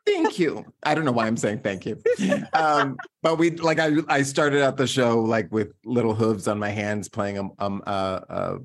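A man's voice: on the low side, steady tone, normal speed, few pauses. A middle-aged man chatting as a guest performer, giggly and self-mocking, laughing often between his stories. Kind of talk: casual chat.

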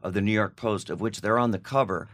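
Older man telling a lively story. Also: lowish voice, fast. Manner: animated anecdote with laughs. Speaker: guest. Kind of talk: casual chat, storytelling.

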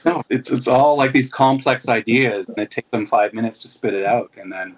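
A man's voice: mid-range voice, little pitch movement, normal speed, few pauses, low-quality recording. A man, an editorial cartoonist, talking casually in a rambling way with many restarts. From Canada. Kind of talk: casual discussion.

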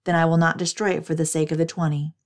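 A woman voicing God as a calm, merciful male deity, in a steady, lowish reading voice. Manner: calm, measured promises.

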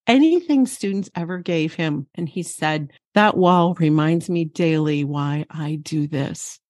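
A woman's voice: on the low side, a little mellow, no echo, studio quality. A woman co-hosting a podcast for teachers, speaking in an earnest, encouraging way. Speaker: podcast co-host. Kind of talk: reflective podcast talk.

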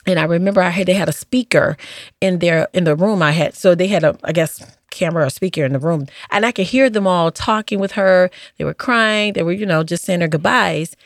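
A woman, a former hospice nurse, telling stories from her work in a casual interview, acting out what people said with lively jumps in her voice. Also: brisk, dry recording, studio quality. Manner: animated, acts out quoted dialogue with big pitch jumps.

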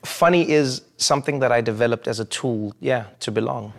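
A man's voice: mid-range voice, brisk, creaky. A man in his thirties with a South African accent, a comedian giving thoughtful interview answers that turn into stories. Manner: thoughtful, storytelling, with small restarts.

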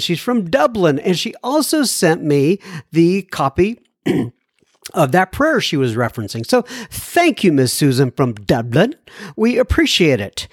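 Hosting a recovery podcast, a middle-aged man reads listener emails aloud. His medium-pitched voice is very animated at a normal speed, recorded in a clean studio with no echo. He rambles, chuckles, and keeps apologizing for drifting off on tangents.

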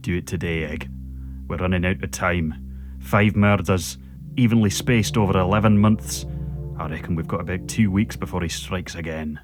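A man voicing a frustrated, driven male detective with a gruff Scottish accent. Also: low voice, moderate pace, music in the background, voice pushed down, lightly acted. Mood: stern. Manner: gruff, exasperated.

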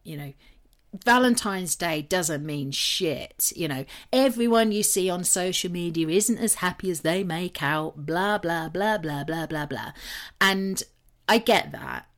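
A woman's voice: fairly low pitch, measured pace, a bit bright. A British woman hosting a solo podcast, telling stories in a chatty, self-mocking way. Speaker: podcast host. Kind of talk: casual solo podcast talk.

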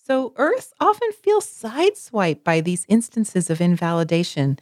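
A woman's voice: medium pitch, unhurried, no room sound, studio quality. A woman in casual conversation as co-host, telling stories expressively and acting out the people in her examples. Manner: expressive, animated storytelling with vivid voiced examples. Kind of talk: casual chat.

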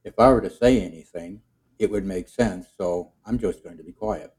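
A man voicing a quiet fellow who would rather not speak, in a low, subdued way. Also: normal speed, breathy edge.

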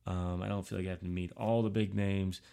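A man's voice: low-pitched, flat delivery, a little fast, gravelly, dark tone, clear, resonant tone. A man hosting a podcast, talking through a casual, rambling monologue full of fillers and restarts, self-deprecating. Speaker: podcast host.

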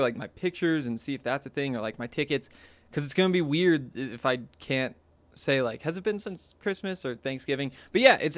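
A man's voice: medium pitch, a bit bright, no room sound. A young man hosting a solo podcast in a casual, rambling way, full of fillers and restarts. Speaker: podcast host.

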